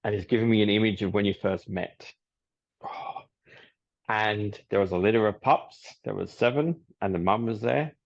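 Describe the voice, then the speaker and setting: A man, a psychic medium, telling stories in a relaxed podcast chat and laughing often. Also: fairly low pitch, moderate pace, gravelly. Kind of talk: casual podcast interview. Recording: dull lo-fi audio.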